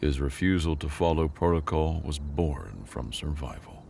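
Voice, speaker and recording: Deep, gravelly male storyteller. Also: moderate pace, a little mellow, slight background noise. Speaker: narrator. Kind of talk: scripted sci-fi story narration.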